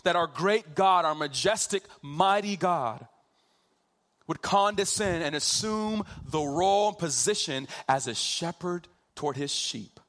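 A man preaching a sermon, slow and emphatic, drawing out key phrases for weight. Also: a little high, expressive, fairly bright tone.

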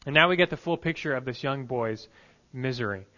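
A male pastor preaching a sermon, emphatic, moving between hushed lines and loud peaks. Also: medium pitch, brisk, muffled recording.

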